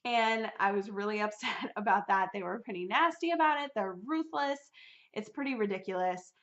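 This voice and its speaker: A woman's voice: medium pitch, normal speed, fairly bright tone, highs cut off. A young woman vlogging to her viewers, ranting in a heated, chatty retelling of a frustrating experience. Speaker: vlogger sharing her fertility journey. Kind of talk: casual chat to camera.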